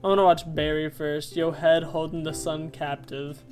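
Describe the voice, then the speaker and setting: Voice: mid-range voice, normal speed, soft background music. A streamer chatting casually during a live game stream, telling stories with frequent laughter. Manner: giggly, animated storytelling.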